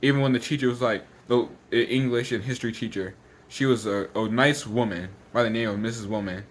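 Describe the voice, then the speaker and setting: A teenage boy vents in a casual vlog, words tumbling out in a rush and circling back on themselves. He sounds a little out of breath and thoroughly exasperated, with a voice sitting at an ordinary pitch for his age. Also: fairly even intonation, a little hiss or hum. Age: teens. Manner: rushes words out, exasperated and repetitive. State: slightly out of breath. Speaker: vlogger.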